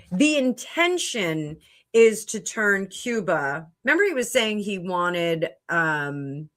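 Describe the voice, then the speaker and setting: A middle-aged woman with a fairly low, somewhat bright voice hosts a psychic livestream via her home computer mic. She responds to viewer comments in casual chat, thinking aloud with many fillers and restarts.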